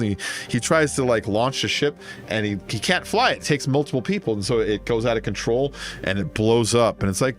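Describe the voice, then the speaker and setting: A male streamer rambles through a story in a casual chat while gaming, stacking up fillers as he goes. His pitch sits in a middling range but swoops up and down with lively energy. Faint game music plays underneath. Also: fairly quick.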